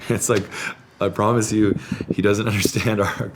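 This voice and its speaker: A man hosting a podcast in a studio, telling animated stories in casual chat and laughing often. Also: sits low, a little fast, slight background noise. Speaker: podcast host.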